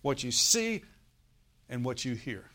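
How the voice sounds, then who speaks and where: A middle-aged pastor preaches in a relaxed, conversational manner and keeps turning to his listeners with questions. His voice sits in an ordinary middle pitch for a man. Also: slow. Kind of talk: sermon.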